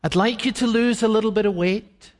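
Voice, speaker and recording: A man's voice: sits high, fairly quick, pitched above the performer's own voice, natural voice. A man voicing a young man who proposes marriage while listing his fiancée's faults, in a sermon recorded in a reverberant hall. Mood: condescending.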